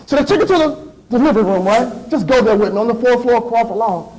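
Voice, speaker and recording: A man in his thirties from Georgia, giving a motivational speech and telling a story to an audience in an animated, playful way with repeated phrases. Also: extremely high pitch, quick pace, poor audio. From Decatur, Georgia. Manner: animated, repetitive, playful, with sudden shifts to hushed. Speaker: motivational speaker.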